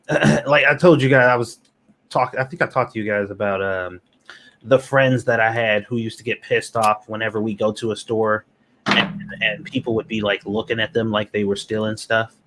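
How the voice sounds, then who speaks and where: A man telling a story in casual podcast chat, animated and exasperated with lots of swearing. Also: lowish voice, a little hiss or hum. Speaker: podcast co-host.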